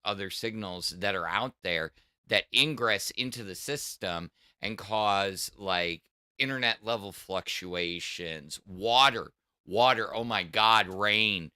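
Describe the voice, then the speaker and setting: A man's voice: on the low side, slow pace, sharp tone, no room sound, studio quality. A middle-aged man with a Southern US accent, chatting on a livestream and explaining technical things in a rambling way, full of restarts. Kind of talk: casual livestream chat.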